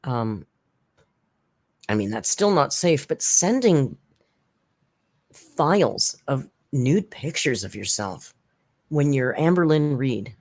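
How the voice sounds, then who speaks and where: A channel host offers casual spoken commentary that is blunt and rambling, full of restarts, side remarks, and sarcastic pitch jumps for emphasis. The tone is on the dark side.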